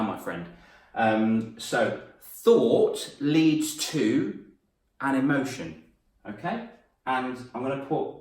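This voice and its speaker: Upbeat coach in an echoey room. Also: male voice, on the low side, far from the mic. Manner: upbeat, encouraging, praising viewers by name. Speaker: confidence coach. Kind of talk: live online lesson for children.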